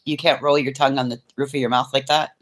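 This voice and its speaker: A woman's voice: rumbling low, little pitch movement, quick pace. A woman chatting casually and frankly with live viewers from her home, swearing freely as she rambles. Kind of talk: casual livestream chat. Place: at home indoors, living room.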